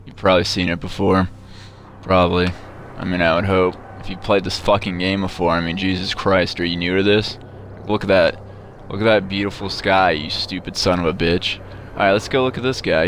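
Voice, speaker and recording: A man's voice: deep voice, a bit bright, a little hiss or hum. A man giving sarcastic, mock-bragging gameplay commentary, profane and rambling. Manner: rambling with frequent restarts. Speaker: gamer commenting on his play.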